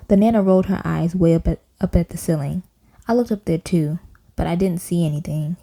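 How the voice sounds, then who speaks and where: A woman reading a children's storybook aloud in a playful, animated way, doing little voices. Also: on the low side, a little fast. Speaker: audiobook reader.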